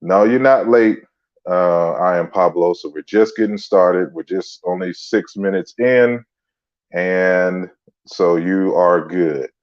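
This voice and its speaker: Low slow guy doing a chill home livestream, muffled lo-fi mic. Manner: relaxed, chatty, greets viewers by name. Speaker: livestream host and author. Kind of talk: casual livestream lecture. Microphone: computer mic on a stand.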